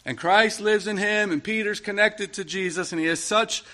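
A middle-aged man delivering a sermon with a high, bright, forceful voice. He talks to his listeners in an easy, conversational way. He keeps piling up rhetorical questions as he preaches. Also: normal speed.

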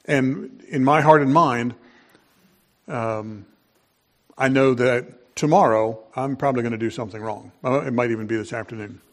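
A man delivering a sermon in a relaxed, conversational tone. He often stops to search for words and restarts sentences. His voice sits at an ordinary pitch for a man. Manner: unhurried, conversational preaching with many fillers and restarts. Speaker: pastor.

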